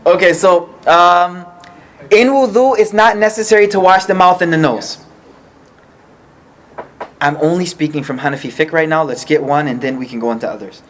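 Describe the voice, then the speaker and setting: Male teacher, high voice, patient explainer who keeps checking in with the class; faint hiss under the track. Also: a bit bright. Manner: explains patiently, checks the group often, slows for key points. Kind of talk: informal religious study class.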